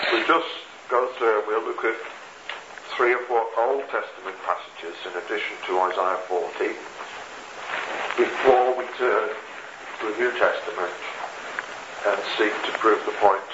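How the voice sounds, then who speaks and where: A man preaching a sermon, reading scripture slowly and deliberately. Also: on the low side. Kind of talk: expository sermon. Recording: echoey lo-fi radio recording with noise.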